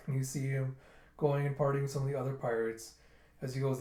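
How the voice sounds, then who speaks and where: A man's voice: medium pitch, level tone, quick pace, a little mellow. A man casually retelling a comic during a readthrough, with offhand asides. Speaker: manga reviewer. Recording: roomy echo.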